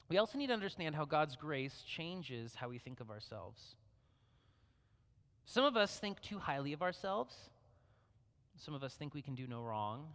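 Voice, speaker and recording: A man's voice: on the high side, fairly bright tone. A middle-aged man preaching a sermon in a conversational way, often checking in with "right?". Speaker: pastor. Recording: long hall reverb.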